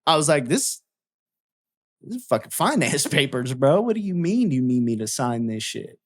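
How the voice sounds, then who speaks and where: A man's voice: medium pitch, sing-song, normal speed. A man telling a story in casual chat, swearing freely and acting out both sides of a heated argument.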